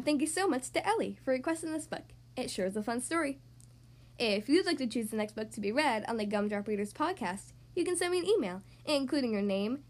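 Lively woman reading a children's story. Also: sits high. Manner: animated and playful, with sound effects. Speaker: podcast host reading children's books. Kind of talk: children's story read-aloud.

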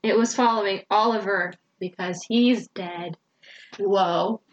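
Over dull audio, a young podcast co-host recaps a book in a relaxed, lively way, voicing the characters' lines and laughing. She speaks at a mid-range pitch and takes her time.

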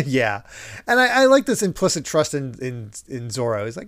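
A podcast host with a mid-range voice casually recaps a manga at a moderate pace, acting out the characters' lines as he goes. He sounds animated, and the clean studio sound has no echo.

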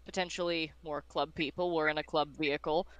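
A woman's voice: sits low, steady tone, a little fast, no echo, highs cut off, pitched below the performer's own voice, lightly acted. A woman voicing a confident, sardonic woman investigator in a tabletop game. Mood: wry. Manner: wry, self-assured.

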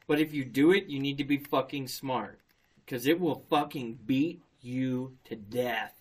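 A man telling a rowdy story in casual conversation, swearing constantly and breaking into laughter. His voice sits at an ordinary middle pitch. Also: measured pace. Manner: profane animated storyteller, laughs often. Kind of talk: casual chat.

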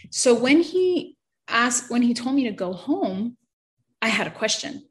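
A woman's voice: on the high side, sing-song, normal speed. A woman in her thirties sharing an emotional faith testimony in an earnest, heartfelt way, full of fillers.

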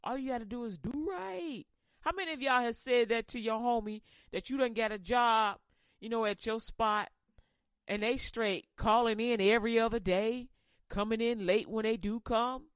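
A woman preaching a casual sermon in slang, animated and quick to laugh. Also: a little high, clear, resonant tone, no echo.

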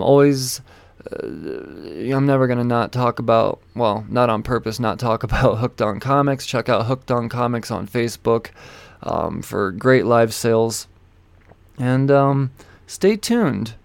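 Gravelly, rambling male podcast host. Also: medium pitch, no echo. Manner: rambling, loose and profane. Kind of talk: casual podcast outro with plugs.

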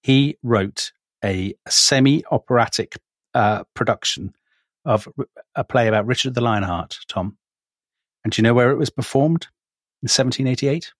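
A man's voice: medium pitch, moderate pace, dry recording. A man co-hosting a podcast, telling history in a chatty, teasing way. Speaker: podcast co-host. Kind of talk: casual history chat.

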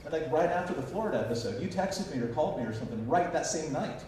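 A man's voice: on the high side, animated, quick pace, darkish tone, slight background noise. A man speaking at a conference, telling stories animatedly and acting out quoted voices. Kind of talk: storytelling talk to an audience. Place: conference hall. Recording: echoey hall recording from far off.

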